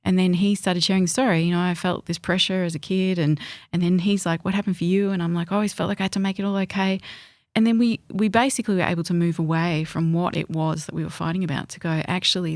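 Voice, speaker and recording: A woman's voice: on the low side, no room sound, studio quality. A middle-aged woman, a parenting expert retelling conversations as a reflective storyteller on a podcast. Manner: warm, reflective storyteller who acts out remembered dialogue.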